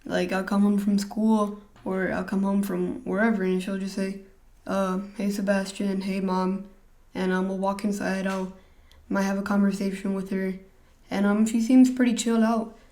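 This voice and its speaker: Young guy vlogging a storytime, hesitant, flat delivery, soft mellow tone. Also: sits high, moderate pace. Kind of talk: storytime vlog.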